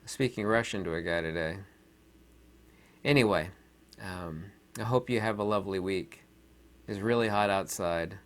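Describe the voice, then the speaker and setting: A man rambling to camera in a casual monologue, pausing often on fillers and trailing off quietly. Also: low voice. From Southern United States. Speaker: video commentator.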